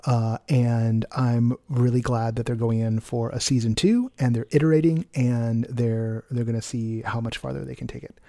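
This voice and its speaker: Give me a male podcast host with a warm, dark tone and an energetic, quick delivery. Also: mid-range voice. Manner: energetic, quick bursts with restarts. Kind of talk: casual podcast talk and sponsor plugs.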